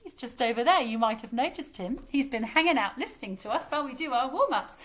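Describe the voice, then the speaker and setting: A high, bright-toned woman with an English accent, leading children through warm-ups and songs. She talks in a cheerful, encouraging singsong, calling out actions and praising often. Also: expressive, fast. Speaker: music teacher. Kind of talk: leading a children's singing lesson.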